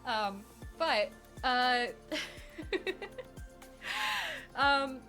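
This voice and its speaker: A woman hosting a live question-and-answer stream, talking very fast in casual, rambling chat with lots of fillers. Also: sits high, big pitch swings, sharp tone, soft background music. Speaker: livestream host answering tabletop game questions.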